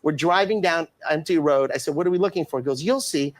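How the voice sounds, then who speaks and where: A man's voice: on the high side, fast. A man telling a long, funny anecdote as a talk show guest, laughing often and acting out the voices of the people in it. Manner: laughing storyteller, acts out voices.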